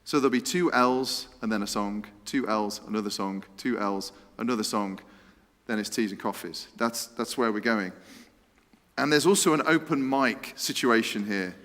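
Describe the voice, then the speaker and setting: Playful preacher in a church hall. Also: male voice, fairly low pitch, moderate pace. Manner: playful, excitable, chatty. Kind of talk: lively church talk with a quiz. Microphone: handheld microphone. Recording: reverberant hall sound.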